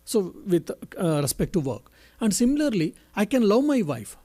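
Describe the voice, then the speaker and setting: Monk speaker, high-pitched man, gentle halting teacher giving a spiritual talk. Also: very animated. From India. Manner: halting, self-correcting, gentle storytelling. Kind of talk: answering a question in a spiritual talk.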